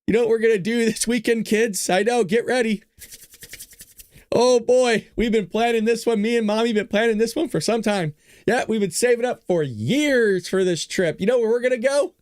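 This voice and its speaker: A man's voice: extremely high pitch, moderate pace, darkish tone, no room sound, pitched above the performer's own voice. A man voicing a giddy, overeager dad announcing a family trip in a gushing way.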